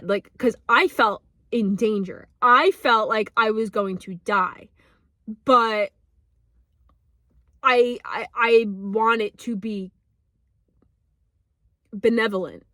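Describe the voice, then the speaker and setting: A young woman tells a personal story straight to the camera, high-pitched and emotional. She laughs nervously, swears often and fills her sentences with likes and ums. The sound is dry and close, with no room echo. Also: takes it slowly, long pauses, sharp tone. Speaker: vlogger. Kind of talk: casual storytelling.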